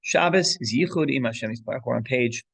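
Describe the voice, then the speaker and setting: A rabbi leads a relaxed Torah class in a gravelly, mid-range voice at a quick pace. He meanders through a story with restarts and asides, sprinkling Hebrew and Yiddish phrases into his English. The recording is close and dry, with no room sound.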